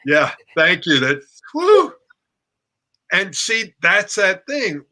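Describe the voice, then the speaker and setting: A middle-aged man speaks as a relationship coach in loose conversation. His voice is very bright and forceful. He talks playfully and animatedly, often acting out his reactions. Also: sits high, slow pace. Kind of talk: casual conversation.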